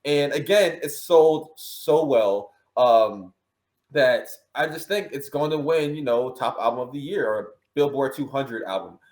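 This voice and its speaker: Animated host in a roomy echo. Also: male voice, mid-range voice, unhurried. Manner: animated, playful, restarts often. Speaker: show host. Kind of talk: casual panel chat.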